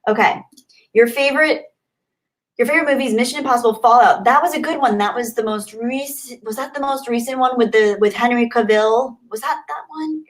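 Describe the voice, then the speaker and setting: A woman's voice: a little high, fairly quick, poor audio. A young woman chats on her livestream, answering viewer comments one after another. She talks in a gushing, heartfelt way, with plenty of fillers and restarts. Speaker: livestream host. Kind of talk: casual livestream chat reading comments.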